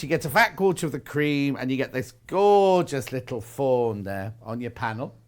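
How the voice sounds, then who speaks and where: A man's voice: medium pitch, animated, moderate pace. A man presenting a live shopping channel show, chatty and upbeat with small jokes.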